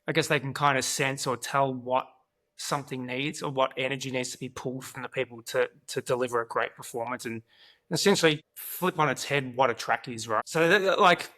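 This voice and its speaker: A man's voice: medium pitch, steady tone, fairly quick, bright, forceful tone. A man co-hosting a rock interview, asking long rambling questions full of fillers like "like" and "you know". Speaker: co-host. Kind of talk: casual interview chat.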